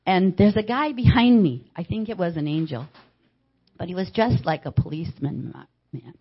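An older woman shares a personal testimony of faith, telling it as an animated story and acting out the lines of the people in it. Her voice sits very low for a woman. The recording is dull and lo-fi. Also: normal speed, husky. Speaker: church member giving a testimony.

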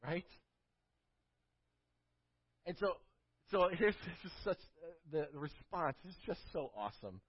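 A man preaching a sermon, telling a story with emphatic build-ups and closing in a quiet prayer, on a dull lo-fi recording. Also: on the high side, very animated, unhurried, pauses often, husky, no echo. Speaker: pastor.

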